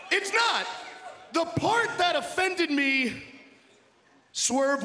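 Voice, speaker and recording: Shouting high-voiced man in an echoing arena. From Long Island, New York. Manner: boastful, mocking trash talk. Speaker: pro wrestler. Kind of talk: shouted wrestling promo. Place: large indoor arena. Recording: echoey arena hall with loud crowd.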